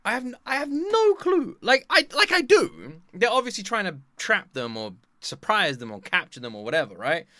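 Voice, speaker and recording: Excitable animated male reaction host. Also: sits high, normal speed, hardly any pauses, no room sound. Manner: excitable, animated, jokey, swears freely. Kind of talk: casual reaction commentary.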